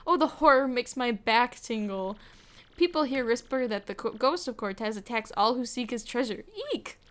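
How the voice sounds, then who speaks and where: A woman's voice: a little high, moderate pace, fairly bright tone, natural voice. A woman voicing a flamboyant, vain male merchant trader from a video game, with grand, theatrical delivery. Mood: dramatic. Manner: grandiose, theatrical, dramatic exclamations. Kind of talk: reading game dialogue aloud.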